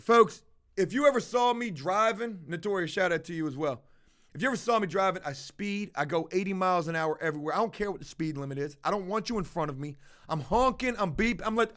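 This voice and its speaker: A man's voice: high voice, fairly bright tone. A man livestreaming to his viewers, telling a confessional story in a blunt, profane, casual way. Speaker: livestreaming vlogger.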